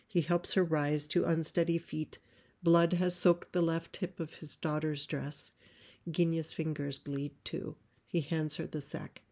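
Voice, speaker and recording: A woman reading a play script aloud, describing stage directions in a measured way. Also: low-pitched, level tone, darkish tone. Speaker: playwright reading her script.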